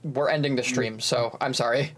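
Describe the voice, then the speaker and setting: A young man casually chatting as co-host of a stream, animated, with bursts of silly voices. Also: mid-range voice, normal speed.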